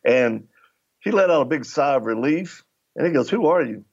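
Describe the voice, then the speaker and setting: A middle-aged man with a gravelly, fry-laden voice telling stories in a relaxed interview. He slips into the voices of the people in his anecdotes. The recording sounds a little dull and lo-fi. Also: medium pitch, moderate pace. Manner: acts out dialogue while telling anecdotes. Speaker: podcast guest. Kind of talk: conversational storytelling.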